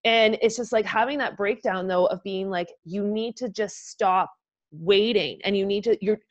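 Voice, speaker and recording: A woman's voice: mid-range voice, normal speed. A woman co-hosting a motivational podcast, speaking in a heartfelt, encouraging way. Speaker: podcast co-host. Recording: dull, muffled audio.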